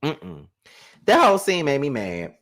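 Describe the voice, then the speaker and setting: Animated, profane man ranting about TV. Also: a little high, unhurried, vocal fry. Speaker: TV show reviewer. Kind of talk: live reality TV recap and commentary.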